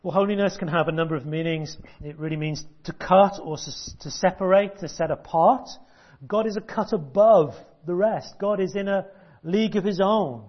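A man preaching a sermon, emphatic and deliberate, with long pauses, repeated words and sudden hushed drops. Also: high voice. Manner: drops to a hush at key points. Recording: dull lo-fi recording.

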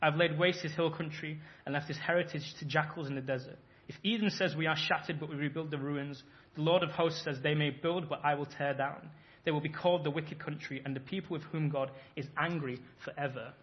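Again the thirtysomething pastor delivers his emphatic sermon, voicing imaginary characters to drive points home. His voice is a little high and his pace moderate, captured in dull lo-fi audio.

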